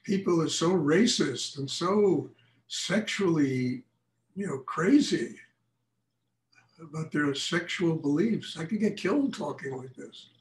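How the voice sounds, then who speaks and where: A man's voice: fairly high pitch, slow, reverberant, low-quality recording. An older man, a meditation teacher, speaking frankly and telling stories in a lecture and question session after a class. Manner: frank, animated storytelling.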